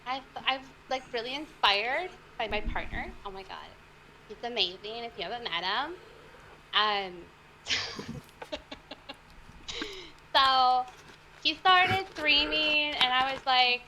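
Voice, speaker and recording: A woman's voice: high-pitched, a little slow, long pauses, pushed and bright, a little hiss or hum, low-quality recording. A woman guesting on a live stream, chatting casually in a bubbly, giggly way. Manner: bubbly and giggly, lots of "like" and "oh my God".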